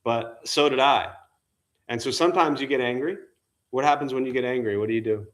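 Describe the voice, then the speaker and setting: A man's voice: medium pitch, fairly quick. Man teaching with questions. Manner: conversational, asks the listeners questions. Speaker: meditation teacher. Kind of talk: informal dharma talk with questions. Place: temple meditation hall.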